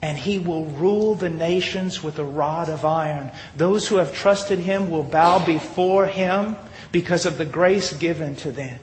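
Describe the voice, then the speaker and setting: A male preacher with a fairly high voice tells his story dramatically, shifting between forceful climaxes and hushed asides. His words carry through a large hall with a long reverb tail and a faint hum of noise. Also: unhurried, few pauses. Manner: dramatic storytelling, swings between loud rises and hushed drops. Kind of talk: sermon.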